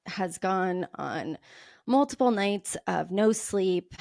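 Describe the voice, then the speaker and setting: A woman hosting a solo parenting podcast, explaining calmly and acting out what a parent might say. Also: medium pitch, very slow, no echo, studio quality. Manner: calm, explanatory, acts out parent quotes. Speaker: podcast host.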